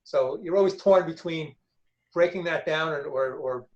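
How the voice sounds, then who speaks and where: A man's voice: fairly high pitch, normal speed, muffled recording. A man who tutors volunteers, making a thoughtful comment in a workshop discussion and repeating words as he hunts for them.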